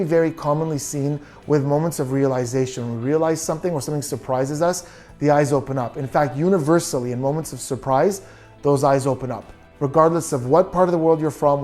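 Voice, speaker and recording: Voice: mid-range voice, dark tone. A body language analyst giving true crime video commentary, reasoning through details and asking many questions.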